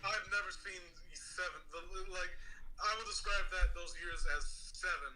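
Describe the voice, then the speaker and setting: A man's voice: sits high, steady tone, normal speed, sharp tone, poor audio. A sick man joking crudely in casual banter, laughing and riffing on stories, with crowd noise behind him. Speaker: guest reading stories.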